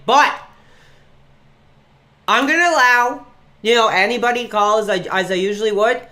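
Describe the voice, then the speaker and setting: A young man with a high, sharp-toned voice streams live and takes calls in a call-in chat. He rambles with fillers and flares into angry rants at trolls.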